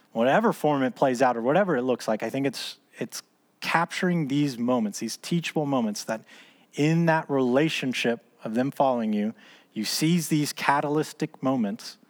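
A man in his thirties or forties leading a small church discipleship group, teaching in a casual, conversational way and asking and answering his own questions. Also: medium pitch. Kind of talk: casual teaching talk ending in prayer.

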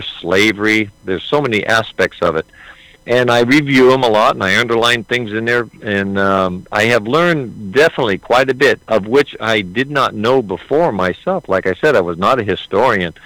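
A man's voice: lowish voice, fairly bright tone, no room sound, low-quality recording. A man being interviewed about playing a historical figure, answering earnestly with hesitant restarts. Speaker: actor portraying Lincoln, interview guest.

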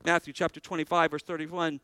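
Bright, high-voiced male preacher. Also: little pitch movement, a little fast, clear, resonant tone, no room sound, rough recording. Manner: earnest, asks the congregation questions. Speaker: pastor. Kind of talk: sermon.

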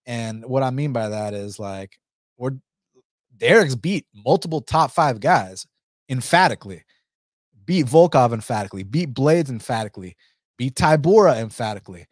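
A young adult man, an MMA betting analyst, breaks down a fight and gives his picks in a casual, blunt way, talking animatedly with lots of swearing and fillers. His voice is medium-pitched, captured dry with clean studio sound.

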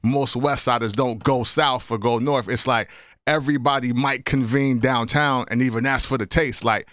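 A man's voice: medium pitch, fairly even intonation, normal speed, fairly bright tone, no echo, studio quality. A man chatting casually, rambling and filling his talk with "like". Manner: rambling, full of "like" fillers. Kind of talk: casual chat.

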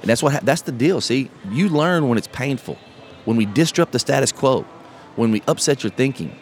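A middle-aged man, a podcast host telling a story in casual, animated chat. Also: medium pitch, brisk. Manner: animated storyteller, calls listener bro. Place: live podcast event. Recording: live event, faint noise behind.

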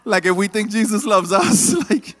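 A man preaching a sermon in a church, animated and casual, with joking asides and call-and-response with the congregation. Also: high voice, moderate pace, soft background music.

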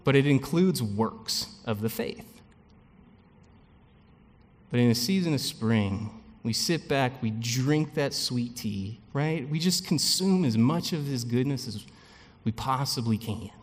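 A pastor gives a relaxed, chatty sermon with asides to the congregation. His voice sits at a middle pitch for a man. The sound carries a long reverb from a church hall. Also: takes it slowly. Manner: conversational, animated preaching with frequent asides and light laughs.

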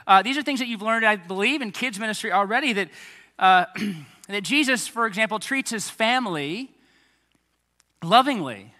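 A man in his thirties, a pastor giving a lively sermon to children and families, with chatty asides to kids and parents. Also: sits high. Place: church hall. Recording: echoey hall reverb.

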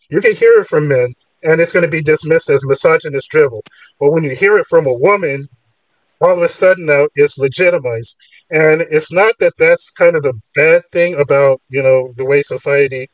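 Call-in host guy, higher voice, rambles through his opinions, sits a bit off the mic. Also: a little fast, no echo, recorded from a distance, rough recording. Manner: opinionated, argues in long rambling runs. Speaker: podcast host. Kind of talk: casual call-in talk.

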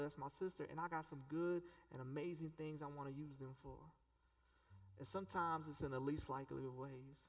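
Male pastor, sermon, chatty rhetorical style; slightly higher voice, distant mic in a big echoing room. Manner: conversational preaching with rhetorical questions and casual slang. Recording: echoey hall, voice from a distance.

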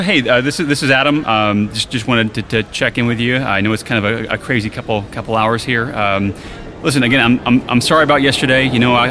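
A man's voice: mid-range voice, close to an everyday voice. An actor playing a panicked man who stammers and repeats his words. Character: panicked young man losing his home AI.

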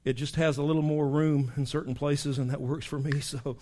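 A man, a pastor preaching in a folksy, animated storytelling way, breaking into animal call imitations. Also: fairly high pitch, a little fast, slight background noise.

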